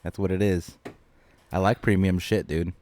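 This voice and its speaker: Low-voiced man, casual podcast chat. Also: steady tone, normal speed, a little mellow. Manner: chatty, laughs easily, swears casually. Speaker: podcast co-host, producer. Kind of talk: casual beer-tasting chat.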